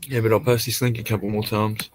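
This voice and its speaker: Laid-back Australian man, lowish voice. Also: flat delivery, quick pace. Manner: rambling, laid-back, swears casually. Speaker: live streamer. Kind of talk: casual live stream chat.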